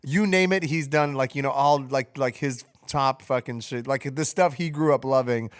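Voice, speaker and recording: A man's voice: mid-range voice, smooth, no echo, studio quality. A man hosting a podcast, chatting casually and rambling through a story with lots of cursing. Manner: fast, rambling, profane. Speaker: podcast host.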